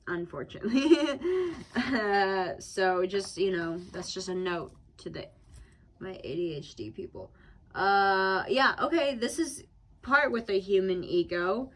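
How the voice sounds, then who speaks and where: A woman's voice: mid-range voice, very animated, takes it slowly, a bit bright. A young woman vlogging from home, talking in a loose, profane, rambling way with frequent laughs. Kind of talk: casual rambling monologue.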